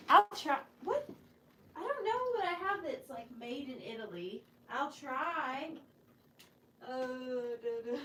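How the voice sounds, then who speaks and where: A woman with a slightly high, sharp voice runs a live online sale, chatting casually and giggling with her viewers. She tosses in joking asides as she goes, and there's a faint hiss or hum in the audio.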